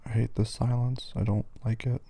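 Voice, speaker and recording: A young man in a whispered role-play as a boyfriend, talking softly in a pleading, apologetic way. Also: mid-range voice, flat delivery, moderate pace, vocal fry, breathy edge.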